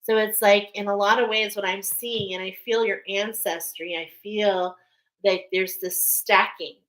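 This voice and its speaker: A woman leads a spiritual card reading for her viewers at an unhurried, drawn-out pace. She wanders through her thoughts with many fillers and checks in often with the listener. Her talk turns open and emotional as she goes. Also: medium pitch, fairly even intonation, fairly bright tone, rough recording.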